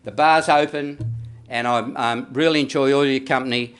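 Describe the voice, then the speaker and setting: A man's voice: mid-range voice, fairly even intonation, normal speed, clean tone, faint music behind. A middle-aged man with an Australian accent giving a rambling, jokey father-of-the-groom wedding speech, full of fillers and restarts. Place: wedding reception venue.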